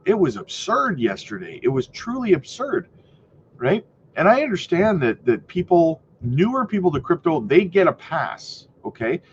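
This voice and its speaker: A man's voice: fairly high pitch, sing-song, normal speed, muffled recording, a little hiss or hum. A man hosting a crypto channel, talking casually to viewers in an emphatic, rhetorical way and often tagging on "right?". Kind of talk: casual commentary to camera.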